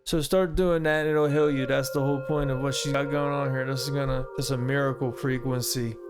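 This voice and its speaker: A man's voice: mid-range voice, level tone, brisk, music in the background. A man giving rambling, profane, joking reaction commentary on videos. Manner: joking, crude, rambling asides.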